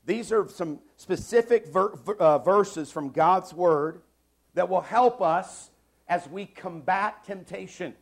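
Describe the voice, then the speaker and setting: A man in his forties preaching a sermon in a church, stressing key phrases by repeating them and swinging between loud and soft. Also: high-pitched, slow pace, gravelly. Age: 40s. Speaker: pastor. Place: church sanctuary.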